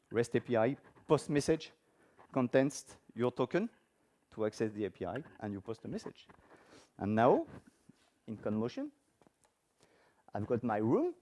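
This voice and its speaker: In a conference room packed with listeners, a man runs a live demo during a technical talk. He chats informally and quizzes the audience, his voice medium in pitch with a darkish tone.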